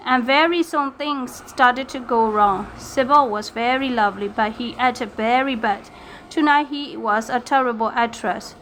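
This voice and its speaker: Bright-voiced woman reading a storybook. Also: on the high side, slight background noise. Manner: halting, with slips and restarts. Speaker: reader. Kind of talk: reading a graded storybook aloud.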